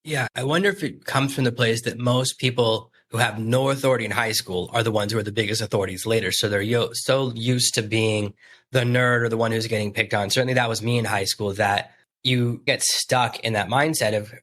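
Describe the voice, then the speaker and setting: A man's voice: medium pitch, brisk. A man hosting a podcast interview, telling stories and acting out the quotes in a conversational way. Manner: storytelling, animated quoting. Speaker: podcast host.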